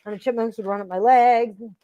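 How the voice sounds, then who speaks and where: A woman co-hosting a casual talk show, animated and teasing, laughing often as she tells stories. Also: on the high side, fast talker, lo-fi sound. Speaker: co-host. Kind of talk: casual chat.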